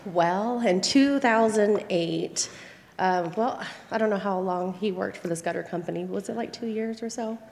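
A woman's voice: mid-range voice, moderate pace, creaky, darkish tone, slight background noise. A woman in the audience answering hesitantly about her family business. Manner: hesitant, unsure. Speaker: audience member. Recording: distant in echoey hall.

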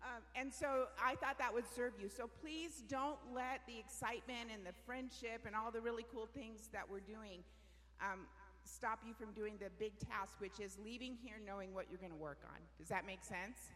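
A woman's voice: a little high, normal speed, big-room sound. A woman presenting a live business workshop to a room full of people, talking with energy and asking them questions. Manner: energetic, asks the audience questions. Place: large meeting room with audience.

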